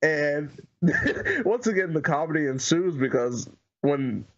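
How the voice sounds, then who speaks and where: A man with a lively, swinging voice joins a casual movie chat, agreeing often and adding quick remarks. His voice sits a bit high, and the sound is a little dull and lo-fi. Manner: animated, agreeable, quick to laugh. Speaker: podcast co-host.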